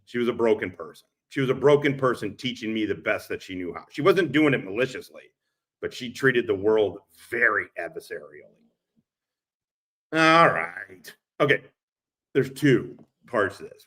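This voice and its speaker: A man's voice: fairly low pitch, bright, forceful tone. A man telling rambling, profane stories on a live stream, laughing often, through a laptop's built-in mic. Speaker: streamer reacting to clips. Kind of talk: casual live-stream storytelling.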